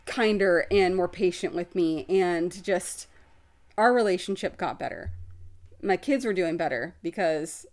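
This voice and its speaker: A woman hosting her own podcast, talking candidly and expressively about her life, with casual swearing. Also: fairly low pitch. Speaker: podcast host. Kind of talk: candid personal podcast talk. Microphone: video podcast setup.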